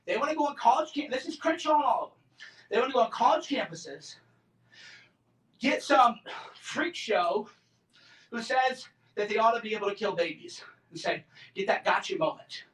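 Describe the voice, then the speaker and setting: With long pauses at a moderate pace, an invited speaker in his forties talks combatively and sarcastically to a student group, his very high voice animated and a bit bright. He mocks others in put-on voices. Recorded distantly in a roomy campus lecture room.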